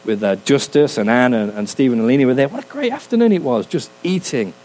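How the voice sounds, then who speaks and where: A man's voice: mid-range voice, animated, quick pace, darkish tone, rough recording. A man preaching a sermon in a humorous, conversational way, often asking his listeners questions. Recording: faint hum, sermon recorded for a podcast.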